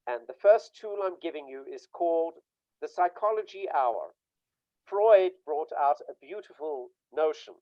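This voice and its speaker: Guy with a kinda high voice doing a chatty online talk, emphatic storyteller, dry muffled call audio. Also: lively intonation, unhurried, dry recording. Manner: emphatic storytelling, acts out quoted dialogue. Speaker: workshop speaker on burnout.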